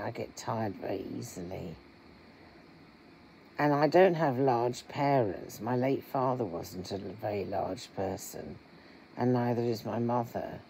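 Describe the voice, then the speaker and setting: Middle-aged vlogger, real slow and halting, earnest, dark mellow voice. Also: mid-range voice, slight background noise, rough recording. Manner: slow, halting, earnest, with many pauses and fillers. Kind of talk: candid personal vlog talk.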